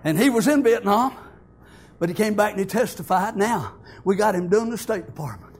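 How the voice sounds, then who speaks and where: A man preaching a fiery, folksy sermon that builds to shouts. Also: high voice, expressive, moderate pace, husky.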